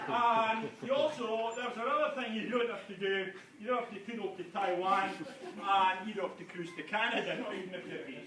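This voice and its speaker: Brief: high-voiced male conference speaker, jokey and self-mocking, recorded in a roomy hall from far off. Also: fairly quick, few pauses, over a noisy crowd. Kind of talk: comic talk to a live audience. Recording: echoey hall, distant mic, noisy room.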